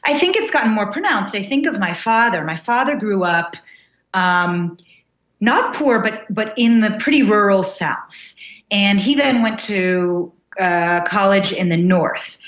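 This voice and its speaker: A young American woman speaks with a middle-pitched voice, reflective and thinking aloud through her ideas with frequent fillers and restarts. Her audio sounds roomy and slightly dull, like a remote interview recording. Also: expressive, slow, a bit bright. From United States. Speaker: guest writer. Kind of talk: casual interview conversation.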